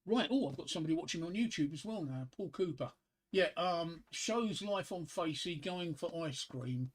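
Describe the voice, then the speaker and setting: A man's voice: fairly high pitch, lively intonation, normal speed, husky. A middle-aged man chatting casually on his live stream, rambling between topics and reading corny one-liner jokes aloud at a home desk microphone.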